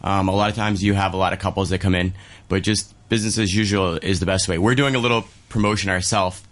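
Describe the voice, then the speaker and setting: A man with a very deep voice talks loosely about running a restaurant. He rambles a little and leans on fillers, keeping the tone relaxed and conversational. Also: quick pace. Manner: rambling, easygoing, many fillers. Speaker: chef and restaurateur guest. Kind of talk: casual radio chat.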